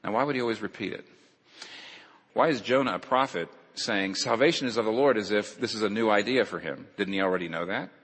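A man's voice: lowish voice, brisk, fairly bright tone, breathy edge. A man giving a lecture-style sermon who stresses his points by repeating key phrases. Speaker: preacher. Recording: long reverb of a large hall.

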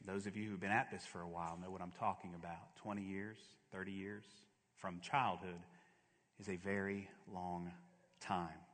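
A male pastor preaching a sermon, swinging from hushed, slow lows to fervent, louder peaks. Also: little pitch movement. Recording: long hall reverb.

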